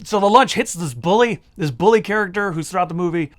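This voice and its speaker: A young man hosting a casual, jokey movie review who acts out characters in quick asides. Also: sits high, background noise.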